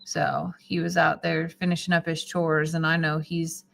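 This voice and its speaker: A woman's voice: deep voice, little pitch movement, moderate pace, vocal fry. A woman chatting casually on a live stream, sleepy and rambling as she thanks viewers. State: sleepy, yawning. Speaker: homesteading livestreamer.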